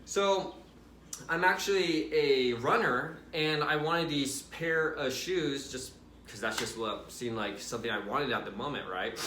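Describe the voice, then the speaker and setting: A young man shares a personal testimony in a casual, lively way, talking straight to his viewers. His voice is bright and clear, at a middle pitch. The sound carries a noticeable room echo. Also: measured pace, a little hiss or hum. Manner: casual and animated, addresses viewers directly with "right?" and "you guys". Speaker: Christian vlogger.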